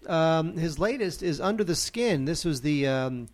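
A man co-hosting a film review chat in a somewhat higher voice. He talks in a measured, wry way, with the odd um along the way. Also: lively intonation, darkish tone.

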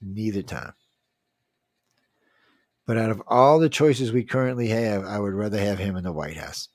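A man's voice: lowish voice, moderate pace, darkish tone, dry recording, studio quality. A man hosting a casual news talk, reading headlines and rambling bluntly with swearing and trailing-off sentences.

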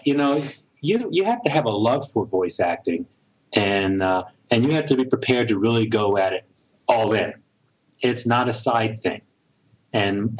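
A middle-aged American man, a director and producer, talks thoughtfully in a casual interview, often pausing and restarting his sentences. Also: on the low side, breathy edge, rough recording. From United States. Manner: thoughtful, halting, with frequent restarts.

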